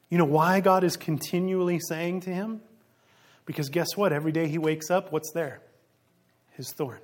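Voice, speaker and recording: A man's voice: a little high, normal speed, long pauses. A man preaching a sermon in an earnest, conversational way, asking rhetorical questions and chuckling now and then. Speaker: pastor.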